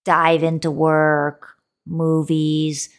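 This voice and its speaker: A woman hosting a solo relationship podcast, giving motivational advice in a playful, coaxing way, calling the listener baby and sometimes dropping to a soft whisper. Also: deep voice, monotone, very slow.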